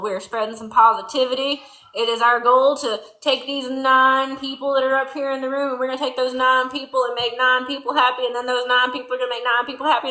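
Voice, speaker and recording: A chatty Southern woman with a Louisiana twang, talking folksy and easy as she reads viewer comments during barn chores. Her voice sits a touch high and sounds bright and forceful. The echoey barn rings around her phone mic. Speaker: farm livestream host. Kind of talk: casual livestream chat reading viewer comments.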